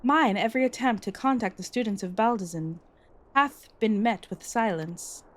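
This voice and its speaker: A woman's voice: fairly high pitch, moderate pace, natural voice. A woman reading aloud the lines of a formal, archaic-speaking male scholar from a game. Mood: earnest. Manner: reads stilted old-fashioned lines aloud.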